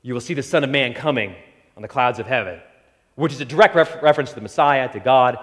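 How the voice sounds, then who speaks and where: A man preaching a sermon with lively delivery, acting out Bible figures when he quotes them. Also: medium pitch, fast, long reverb tail. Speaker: pastor.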